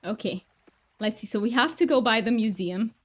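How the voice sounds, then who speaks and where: A woman's voice: on the high side, moderate pace. A woman streamer chatting casually with her viewers while gaming, bubbly and laughing often. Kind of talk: casual live-stream chat.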